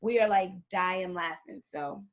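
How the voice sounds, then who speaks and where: A woman co-hosting an interview, telling a story in a lively, laughing way. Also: lowish voice, a little slow. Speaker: co-host. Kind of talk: casual chat.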